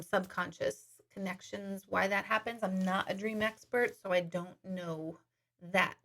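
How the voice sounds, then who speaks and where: A woman's voice: medium pitch, fairly bright tone. Chatty woman medium answering live questions. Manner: chatty, laughs often, reads out viewer questions. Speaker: intuitive medium. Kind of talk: live-stream Q&A chat.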